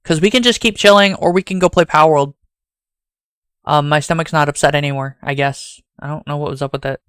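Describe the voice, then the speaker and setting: A man's voice: a little high, steady tone, a little fast, fairly bright tone, clear, resonant tone, dry recording, studio quality. A man with a Southern US accent, rambling casually and talking straight to his chat as a streamer.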